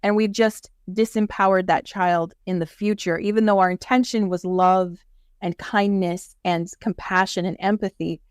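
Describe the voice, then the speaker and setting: A woman's voice: mid-range voice, steady tone, normal speed, clean tone, dry recording, clean studio sound. A woman speaking as an interview guest, earnest and explanatory as she talks through spiritual ideas. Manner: earnest, explanatory, acts out quoted voices. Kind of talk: casual interview chat.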